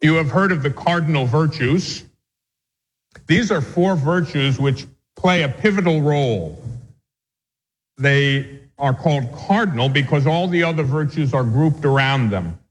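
A man, a Catholic priest, giving a measured, patient catechism lecture with anecdotes. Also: a little high, animated, long reverb tail, low-quality recording.

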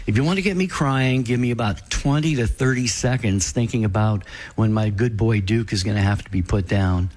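A man's voice: fairly low pitch, brisk, few pauses, darkish tone. A man co-hosting a call-in radio show, speaking in an earnest, reflective way. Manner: earnest, reflective, faith-based. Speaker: radio co-host.

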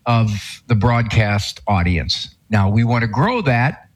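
A man's voice: on the low side, lively intonation, slow. An older man giving folksy, emphatic advice on a radio talk show in a studio, repeating his key points.

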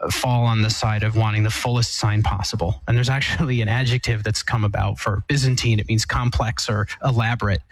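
A man, a priest, answering a call-in question in a thoughtful, measured way with frequent fillers and restarts. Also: medium pitch, no echo, poor audio. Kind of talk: radio call-in explanation.

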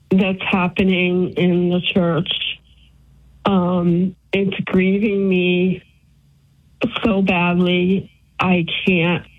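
A woman calling into a radio show, speaking earnestly and sounding weary and aggrieved. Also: lowish voice. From United States, of Italian descent. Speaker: caller. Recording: phone line.

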